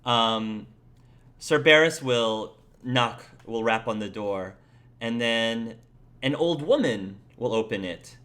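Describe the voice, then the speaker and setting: Casual young game master narrating. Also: male voice, medium pitch, lively intonation, slow, pushed and bright. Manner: casual, filler-heavy narration.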